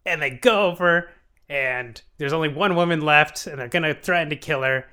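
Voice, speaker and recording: A man's voice: fairly high pitch, bright, forceful tone, smooth. A young man co-hosting a casual comedy podcast, rambling through a plot recap with frequent giggles. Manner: rambling, giggly, slips into quick voices for characters. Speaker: podcast co-host recapping a show.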